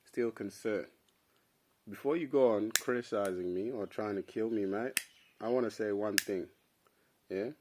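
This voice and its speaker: A young man from South Sudan talks off the cuff in a loose, rambling monologue, peppered with "bro" and restarts. His voice sits on the lower side. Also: moderate pace, pauses often, background noise. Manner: casual, rambling, says "bro" a lot. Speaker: vlogger. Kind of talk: unscripted opinion monologue.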